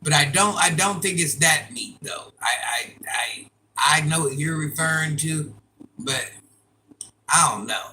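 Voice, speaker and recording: An older woman chatting casually on a live stream, laughing often and breaking into loud exclamations. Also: low-pitched, unhurried, slight background noise, low-quality recording. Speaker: livestreamer.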